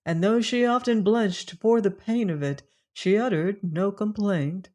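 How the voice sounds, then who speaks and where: An audiobook narrator reading a classic adventure novel in first person, measured and steady. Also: medium pitch.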